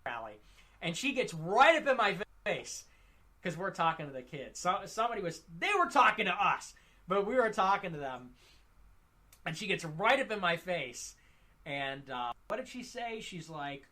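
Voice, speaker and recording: Bright-voiced rambling man. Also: high-pitched, sing-song. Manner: halting, full of fillers and restarts. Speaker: livestream commentator. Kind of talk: rambling monologue.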